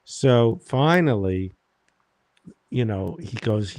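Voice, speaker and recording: A male comedian telling anecdotes in a deadpan, exasperated casual chat. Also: mid-range voice, moderate pace, dry recording. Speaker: comedian, show host.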